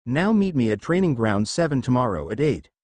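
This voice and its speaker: A man's voice: mid-range voice, sing-song, brisk, a little mellow, no room sound. Kakashi, a man reading as an aloof ninja teacher. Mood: offhand. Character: lazy aloof adult male ninja teacher.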